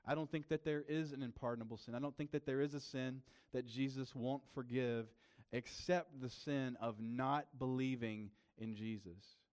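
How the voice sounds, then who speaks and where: Smooth-voiced young male pastor preaching. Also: mid-range voice, steady tone, normal speed, a little mellow. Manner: casual, conversational preaching with many fillers. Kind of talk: sermon.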